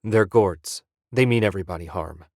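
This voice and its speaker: A man voicing a nervous, wary male partner in an audiobook, a little lower than his narration. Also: moderate pace, a little mellow, no echo, clean studio sound. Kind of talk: audiobook character voice.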